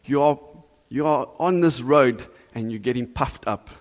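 A man preaching a sermon to a congregation, earnest and animated, asking the listeners direct questions. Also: mid-range voice, unhurried. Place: church hall before a congregation. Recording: long reverb of a large hall.

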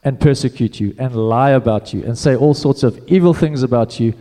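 Male pastor, relaxed and chatty delivery, mellow tone, church hall echo. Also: mid-range voice, fairly quick, few pauses. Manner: casual, conversational preaching with repeated restarts. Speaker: preacher. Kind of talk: sermon.

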